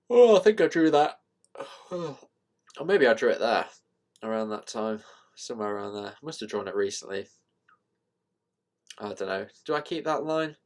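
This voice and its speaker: Man, fairly low voice, casual market commentary, rambling, lots of ums and uhs. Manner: rambling, self-deprecating, thinking out loud with fillers. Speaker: trading channel host.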